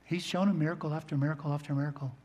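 A man's voice: fairly even intonation, racing, husky, muffled recording. Older man preaching in an echoing hall. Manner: earnest, swings between loud emphasis and soft low asides. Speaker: pastor. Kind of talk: sermon. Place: church sanctuary. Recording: long reverb of a large hall.

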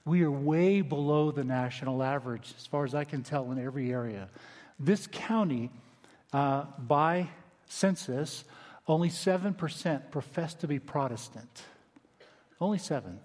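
A male pastor with a slightly higher voice delivers a sermon in an easy, conversational way, often sinking to a quiet, intent hush to drive a point home. His voice carries a long reverb tail, as if from a large church hall. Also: moderate pace. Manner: conversational, dynamic preaching with quiet emphatic drops. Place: church sanctuary.

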